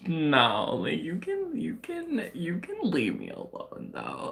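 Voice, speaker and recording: A woman's voice: medium pitch, wildly swooping pitch, unhurried, creaky, few pauses, a bit bright. An American woman chatting playfully on a livestream in a put-on English accent, rambling and joking. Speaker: livestream host. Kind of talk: casual chat.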